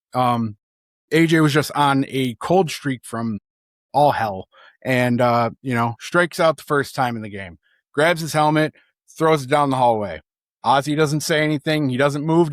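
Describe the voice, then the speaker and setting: Male podcast co-host from Chicago, mid-pitched, dry close sound, loose animated storyteller. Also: unhurried, dry recording. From Chicago area, USA. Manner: animated anecdote-telling, many fillers. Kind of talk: casual chat, storytelling.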